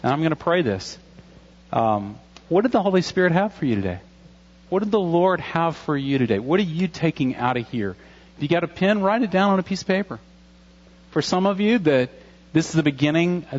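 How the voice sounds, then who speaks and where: A man's voice: on the high side, lively intonation, fairly quick, dull audio. A pastor in his forties giving an earnest, conversational sermon with a few jokes. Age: 40s.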